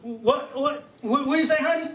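A man's voice: extremely high pitch, normal speed, sharp tone. A man acting an eighty-year-old man who is hard of hearing and stammers as he asks what was said. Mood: confused. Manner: stammering, asking to repeat. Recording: roomy room sound from a distant camera.

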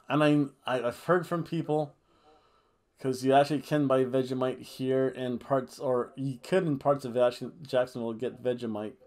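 A man's voice: medium pitch, fairly even intonation, normal speed, darkish tone. A man casually reviewing a wrestling show, rambling and joking, a little tipsy from red wine. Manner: jokey, rambling, breaks into goofy singing and chants. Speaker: podcast co-host reviewing wrestling.

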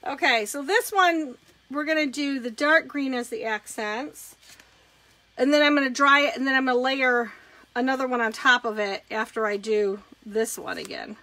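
Woman, craft demo host, casual and chatty, narrates her steps, bright and slightly high. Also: normal speed. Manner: chatty, talks through each step as she works. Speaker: craft demonstrator hosting a live stream. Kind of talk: casual step-by-step craft demonstration.

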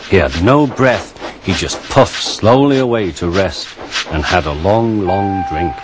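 Low-voiced man narrating a storybook. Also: measured pace. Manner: expressive, gentle storytelling. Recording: loud music behind.

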